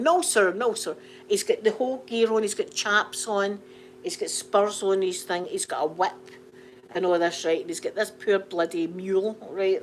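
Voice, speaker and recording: A Scottish woman telling funny stories in an animated, repetitive way, laughing along as she talks. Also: medium pitch, slight background noise. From Scotland. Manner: animated, laughing, repeats phrases for comic effect. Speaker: channel host. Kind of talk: casual storytelling chat.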